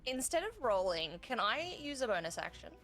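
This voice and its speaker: A woman's voice: fairly high pitch, very animated, brisk, fairly bright tone, faint music behind. A woman playing a tabletop game, describing her character's actions casually with many hesitations. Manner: hesitant, many fillers and restarts. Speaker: player.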